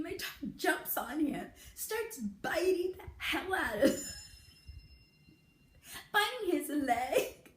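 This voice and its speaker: Casting note: woman vlogger, high voice, unhurried, giggly storyteller, echoey room. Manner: giggly, laughing through the story. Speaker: beauty vlogger. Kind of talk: casual storytelling.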